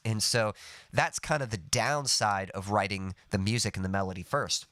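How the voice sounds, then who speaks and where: A man's voice: lowish voice, normal speed, fairly bright tone, dry recording. Dry-voiced man coaching songwriting live. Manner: explains patiently, hums and sings short melody snippets. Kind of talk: live-stream teaching.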